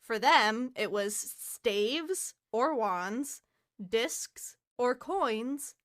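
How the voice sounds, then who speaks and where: A woman's voice: on the high side, expressive, extremely slow, fairly bright tone, no room sound, studio quality. A young woman co-hosting a podcast, chatting casually, laughing often and swearing freely. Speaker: podcast co-host. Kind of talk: casual chat.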